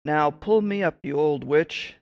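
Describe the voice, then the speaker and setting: Blunt young soldier in a fairy tale, read by the narrator, gravelly and plain. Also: mid-range voice, expressive, a little slow, muffled recording. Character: bold young common soldier. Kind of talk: audiobook fairy tale reading.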